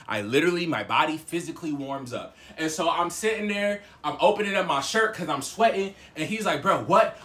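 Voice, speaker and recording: A young man tells a story to the camera in a high, bright voice that leaps all over the place. He talks casually and uses slang. He acts out each exchange and swings from soft to loud. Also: roomy sound. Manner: emphatic, acts out dialogue with big swings in loudness; slangy and conversational. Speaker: vlogger.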